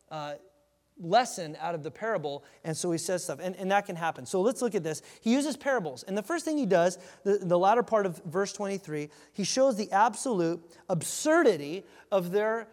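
A man's voice: sits high, in a large hall. A man preaching a sermon in a church, teaching verse by verse in a frank, conversational way with asides to the congregation. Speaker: pastor.

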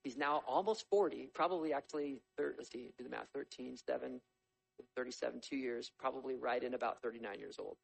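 A man preaching a sermon, reading scripture aloud and explaining it in a conversational, animated storytelling way. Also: mid-range voice, fairly quick, gravelly, poor audio. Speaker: pastor.

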